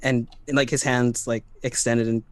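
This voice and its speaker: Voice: mid-range voice, flat delivery, moderate pace, no echo. A player in a tabletop game, animatedly describing their character's reactions.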